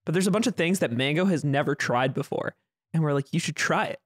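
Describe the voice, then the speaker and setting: A man's voice: fairly high pitch, fast, slightly rough, dry recording, studio quality. A man co-hosting a podcast, chiming in eagerly and retelling events with lots of filler and some swearing. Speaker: podcast co-host. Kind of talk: casual chat.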